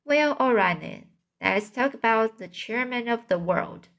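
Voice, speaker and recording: A woman voicing a tiny, bossy male mouse schoolteacher in a storybook reading, brisk and dismissive, now and then stumbling over long words. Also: fairly high pitch, lively intonation, gravelly, a bit bright, voice pushed up, heavily acted.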